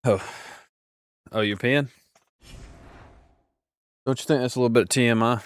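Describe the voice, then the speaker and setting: A man's voice: mid-range voice, steady tone, normal speed, clear, resonant tone, dry recording. A man in casual gaming chat with friends, teasing and trash-talking, stumbling over his words now and then. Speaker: gamer streaming with friends.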